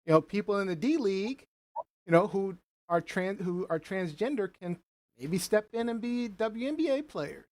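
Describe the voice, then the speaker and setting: A woman's voice: medium pitch, expressive, normal speed, darkish tone. A woman hosting a live panel show, thinking aloud with questions and reading out viewer comments. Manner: questioning, hesitant, many fillers and restarts.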